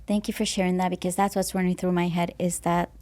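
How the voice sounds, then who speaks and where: Woman, podcast host, fairly low, mellow tone, affirming. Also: level tone, fast. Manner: affirming and reflective, with frequent short backchannels. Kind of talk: interview podcast hosting.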